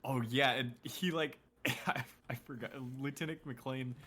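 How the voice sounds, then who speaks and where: A man co-hosting a casual podcast, talking haltingly and searching for his words. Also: mid-range voice, fairly even intonation, pushed and bright, husky. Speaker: podcast co-host. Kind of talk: casual chat.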